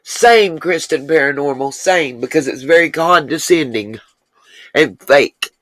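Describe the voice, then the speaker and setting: An expressive woman with a low, fairly bright voice hosts a casual livestream with no room sound. She talks straight to her viewers, fields their comments as they roll in, and stretches into long asides.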